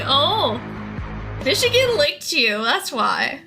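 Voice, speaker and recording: Young female streamer, casual and giggly; high, bright voice over quiet music. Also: very animated, slow pace. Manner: giggly, chatty, thanks viewers. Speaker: livestreamer. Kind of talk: casual live-stream chat.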